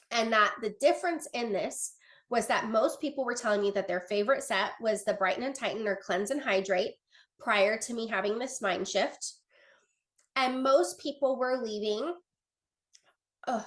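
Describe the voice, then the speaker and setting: Chatty woman leading a sales training. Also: a little high. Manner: chatty, earnest, many fillers and restarts, reads from notes. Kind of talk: casual training talk.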